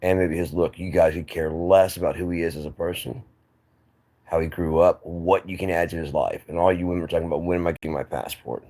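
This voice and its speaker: Host type: man with an extremely deep, gravelly voice, loose and opinionated solo chat. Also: steady tone, brisk, mellow. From United States. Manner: rambling, opinionated, restarts often. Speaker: channel host. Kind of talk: casual monologue to camera.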